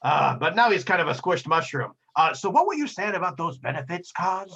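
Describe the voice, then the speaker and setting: A man's voice: a little high, very animated, brisk, creaky, sharp tone, slightly rough, dull audio, pitched above the performer's own voice, heavily acted. A man voicing a huge, hulking male brute who is dim but pragmatic and talks in an easygoing, bargaining way. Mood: wry bargaining.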